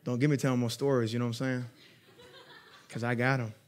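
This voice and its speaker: A young man preaching a sermon as pastor. He talks in a lively, conversational way, swinging between loud emphatic peaks and quiet asides, and laughs through his stories. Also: medium pitch, quick pace. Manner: laughs while telling stories.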